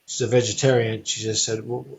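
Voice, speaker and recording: A man with a fairly high voice tells a rambling travel story as an interview guest, bringing it to life by acting out the people he meets. The recording sounds dull and lo-fi. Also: normal speed, a little hiss or hum. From United States. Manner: lively storyteller who acts out the people he quotes. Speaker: interview guest, stage performer. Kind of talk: casual anecdote telling.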